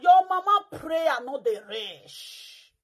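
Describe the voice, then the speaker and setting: Speaking slowly in a Nigerian Pidgin accent, a high-pitched woman offers mocking, theatrical commentary with big swings in pitch. She drifts into sing-song chants and mock wailing along the way.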